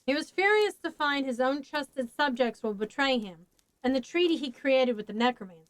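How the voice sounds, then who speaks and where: A woman's voice: high voice, animated, moderate pace, dry recording, poor audio. A woman voicing a weary, blunt grown man in a storybook reading, talking plainly.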